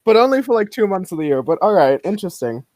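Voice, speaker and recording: A man's voice: sits high, big pitch swings, fast, noisy background. A man co-hosting a podcast in casual chat, playful and rambling, laughing often. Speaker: podcast co-host.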